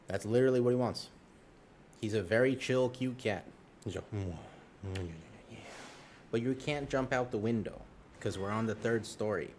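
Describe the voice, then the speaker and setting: A male streamer talks casually from his room at home. His voice sits at a middle pitch but swings widely as he reacts. He swears freely and scolds his pet in a playful, exasperated way. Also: darkish tone, slight background noise. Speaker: game streamer. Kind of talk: casual live-stream chat.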